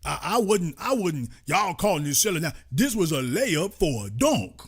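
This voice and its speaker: Man doing a pleading male celebrity, higher voice, stammering, repeats himself. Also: big pitch swings, moderate pace, husky, exaggerated voice. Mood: defensive pleading. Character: defensive male celebrity making excuses to his fans.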